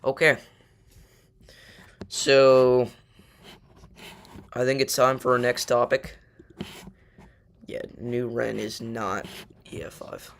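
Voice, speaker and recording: A young man hosts a casual livestream and talks straight to his viewers. His voice has a gravelly, fry-laden edge. He drifts between points with lots of fillers and pushes back on their takes. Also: mid-range voice, little pitch movement, slow, pauses often, a bit bright. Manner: loose and chatty, many fillers, argues weather takes. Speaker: livestream host.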